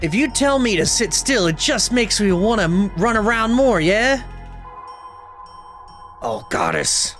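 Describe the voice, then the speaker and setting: A man's voice: high-pitched, expressive, moderate pace, few pauses, fairly bright tone, faint music behind. A man streaming a video game, chatting casually and crudely with jokes and swearing. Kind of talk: let's play commentary.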